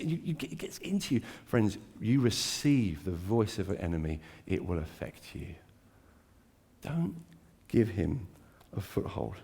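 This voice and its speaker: A man preaching a sermon to a church, dramatic and swinging between hushed, intimate lines and emphatic climbs. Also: fairly low pitch, lively intonation, moderate pace, vocal fry, husky. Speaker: pastor.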